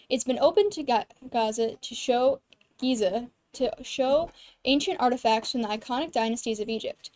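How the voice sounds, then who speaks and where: A woman's voice: on the high side, darkish tone, no echo. A young woman anchoring a student news show, reading history facts and headlines from a script and tripping over some names.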